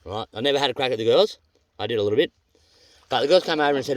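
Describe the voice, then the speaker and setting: A man's voice: mid-range voice, lively intonation, racing, no echo. A man with an Australian accent chatting casually while paddling a canoe on a river, blunt and rambling, swearing freely. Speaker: vlogger on a canoe trip. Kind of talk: casual vlog chat.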